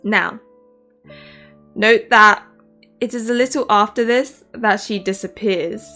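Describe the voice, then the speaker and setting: A woman casually reviewing a book in a rambling, animated way, full of fillers. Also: medium pitch, slow pace, soft background music.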